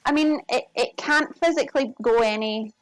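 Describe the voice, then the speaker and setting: A woman's voice: fairly high pitch, moderate pace, faint music behind. A woman with a Glasgow-area Scottish accent, chatting casually while cooking and reading comments, laughing often at herself. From Scotland. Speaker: live cooking streamer.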